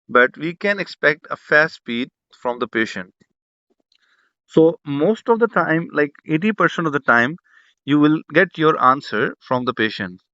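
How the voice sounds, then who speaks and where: A man's voice: mid-range voice, pushed and bright, dry recording. Guy teaching an online class, repeats himself a lot, dull dry lo-fi audio. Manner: repetitive, restarts a lot, lots of fillers. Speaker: exam prep teacher.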